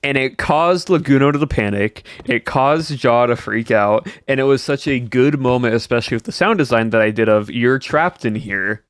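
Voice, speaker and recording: Young man, livestreamer, casual rambling chat, answers viewers, middle pitch. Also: fairly quick, hardly any pauses, smooth, no room sound.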